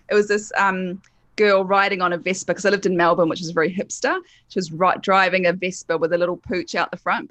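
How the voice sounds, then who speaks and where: A woman's voice: lowish voice, a bit bright, no echo. A woman with a New Zealand accent, speaking as a guest hypnotherapist and telling her story candidly in casual conversation. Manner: candid and chatty, with frequent laughs and self-deprecating asides.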